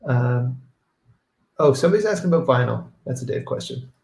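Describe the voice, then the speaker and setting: A man hosting a casual livestream, relaxed and reading viewer questions aloud. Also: mid-range voice, brisk, gravelly, echoey room. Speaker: band member hosting a livestream.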